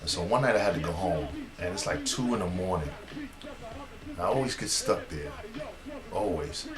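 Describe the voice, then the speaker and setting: A man's voice: low voice, roomy sound. A man telling a funny neighborhood story in casual style, laughing and acting out voices. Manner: animated, laughs at own story, acts out voices.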